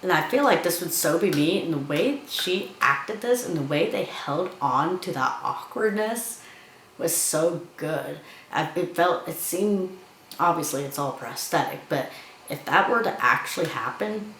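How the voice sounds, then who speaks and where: A woman's voice: sits low, lively intonation, a little slow, fairly bright tone, reverberant, a little hiss or hum, poor audio. A woman giving a casual film review, chattily retelling scenes and acting out the characters' lines.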